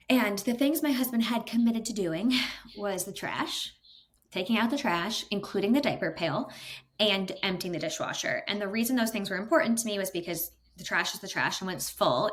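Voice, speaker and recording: A woman in her thirties, a podcast guest, telling a personal story in a casual, animated way with quick asides. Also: medium pitch. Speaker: podcast guest, content creator.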